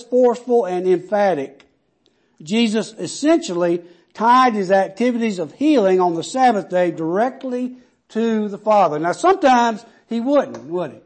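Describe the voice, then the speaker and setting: Male preacher, high-pitched, emphatic sermon delivery with rhetorical questions, speaking to a congregation. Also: darkish tone. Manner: emphatic, rhetorical questions, pauses to draw out words.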